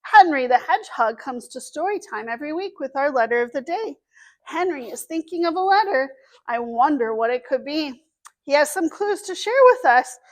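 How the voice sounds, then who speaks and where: A woman librarian leading a story time for young children, animated and sing-song, speaking slowly and clearly for little ones. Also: sits high.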